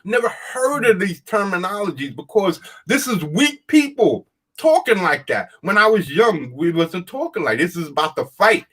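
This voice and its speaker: A fired-up man rants on a casual talk show with a fairly high voice that swings widely in pitch. He hammers his points home by repeating them and talks in a plain, folksy way, laughing as he goes. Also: big pitch swings, moderate pace, fairly bright tone. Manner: emphatic, repetitive, ranting, laughs often.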